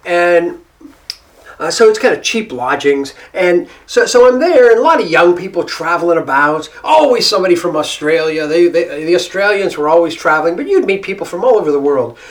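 Middle-aged man, American accent, storyteller, rambling asides, fairly high voice. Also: expressive, brisk. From Ohio, United States. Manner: rambling, with frequent restarts and asides. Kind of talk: casual personal storytelling.

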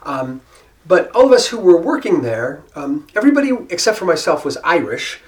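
A man's voice: on the high side, sing-song, a little fast. An American man telling a story in a casual, self-deprecating way. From United States.

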